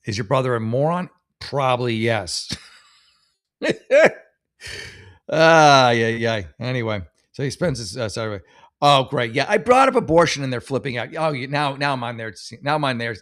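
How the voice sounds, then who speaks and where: Brief: man, mid-pitched, blunt and sarcastic, loose rambling commentary as a mock advice host. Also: a bit bright. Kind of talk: casual commentary on read-out posts.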